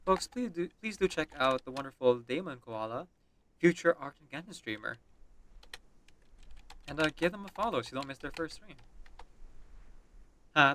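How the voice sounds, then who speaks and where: A man's voice: medium pitch, sharp tone, slight background noise. A man streaming a game, chatting with viewers and reading the story aloud. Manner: apologetic, chatty.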